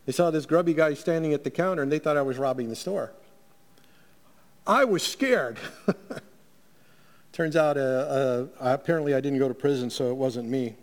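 A man's voice: mid-range voice, steady tone, normal speed, darkish tone. A middle-aged male pastor giving a weekly sermon in a conversational way, with fillers and restarts. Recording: long hall reverb.

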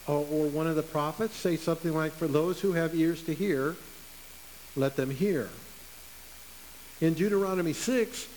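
A man preaching a sermon in an earnest way, slowing down to stress key words. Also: on the high side, a little mellow, low-quality recording. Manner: earnest, with slow emphatic stresses. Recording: faint hiss.

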